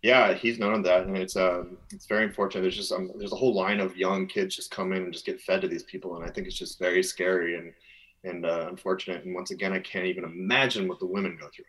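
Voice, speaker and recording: A man's voice: sits low, little pitch movement, quick pace, fairly bright tone, poor audio. A man from Minnesota, a guest telling a long personal story in a casual interview, full of fillers and restarts. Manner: rambling, filler-heavy, earnest.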